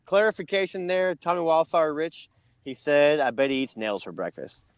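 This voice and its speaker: A man's voice: a little high, normal speed, slight background noise. A man co-hosting a podcast, telling a long story in a casual, rambling way. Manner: rambling storyteller, many restarts. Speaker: podcast co-host.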